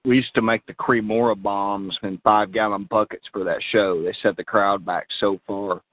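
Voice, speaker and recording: A man's voice: on the low side, steady tone, moderate pace. A man telling a story in casual chat, repeating himself as he restarts. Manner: repetitive, with restarts. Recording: tinny phone-like audio with faint noise.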